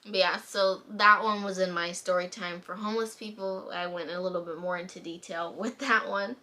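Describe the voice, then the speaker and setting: A young woman telling a story at home into her camera, in a chatty, animated way. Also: on the low side, normal speed. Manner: chatty, animated retelling with bursts of laughter. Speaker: vlogger. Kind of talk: casual storytime chat. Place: home room. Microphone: camera mic.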